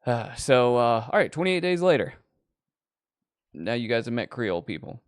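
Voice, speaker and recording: A man's voice: medium pitch, sing-song, moderate pace, no echo, studio quality. A man hosting a horror movie show, chatting casually with profane, digressive storytelling. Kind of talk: casual rambling chat.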